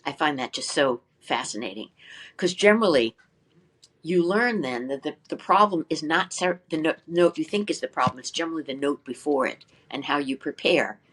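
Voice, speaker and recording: A woman's voice: sits low, husky. Older woman teacher full of rhetorical questions. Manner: animated, asks many rhetorical questions, sings demonstration syllables. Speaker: flute teacher, podcast guest. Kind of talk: interview, explaining practice methods.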